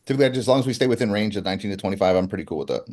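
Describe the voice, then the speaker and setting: A man co-hosting a live health stream, taking viewer questions and answering them plainly and calmly. He sounds easygoing and reassuring, with a voice a bit lower than most men's. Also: racing. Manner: relaxed, reassuring, matter-of-fact. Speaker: co-host reading viewer questions. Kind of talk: casual livestream chat.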